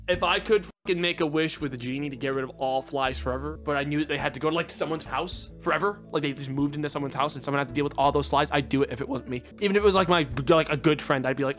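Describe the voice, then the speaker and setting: A male streamer giving live gameplay commentary, excitable and swearing as he yells at the game. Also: fairly high pitch, fast, few pauses, soft background music.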